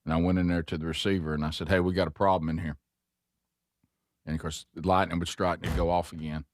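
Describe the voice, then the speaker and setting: Deep-voiced man telling a rambling story. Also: little pitch movement, fast talker, dry recording, clean studio sound. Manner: rambling, self-mocking storyteller with many restarts. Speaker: host. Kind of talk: casual chat, storytelling.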